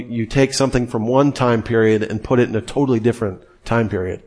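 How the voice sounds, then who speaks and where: A man giving a Christian apologetics lesson in a conversational way, with emphatic, incredulous asides. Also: mid-range voice. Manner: conversational, acts out quoted voices. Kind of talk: lively teaching talk.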